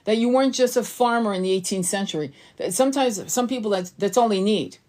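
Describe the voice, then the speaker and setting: A woman's voice: mid-range voice, quick pace, darkish tone. Earnest woman giving rambling spiritual teaching. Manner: earnest, rambling, repeats words as she restarts. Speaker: tarot reader and spiritual coach. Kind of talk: casual spiritual teaching monologue.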